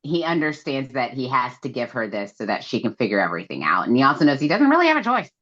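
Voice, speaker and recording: A woman's voice: a bass voice, big pitch swings, quick pace, a bit bright, muffled recording. A woman co-hosting a casual book podcast, retelling scenes and quoting the characters with lots of fillers. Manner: retells scenes with quoted lines, many fillers. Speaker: podcast co-host. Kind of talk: casual book recap chat.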